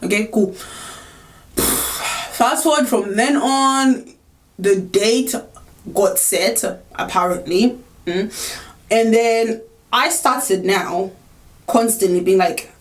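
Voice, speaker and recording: A young woman telling a storytime vlog, animated and indignant, with filler chatter and swearing. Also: mid-range voice, takes it slowly, pauses often. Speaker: vlogger. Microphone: camera on tripod.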